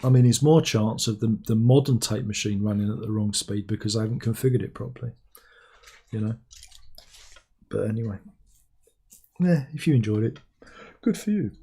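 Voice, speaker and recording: A man's voice: on the low side, moderate pace, pauses often, mellow, husky. A man hosting a casual livestream, reading out viewer comments with wry, rambling asides. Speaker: livestream host.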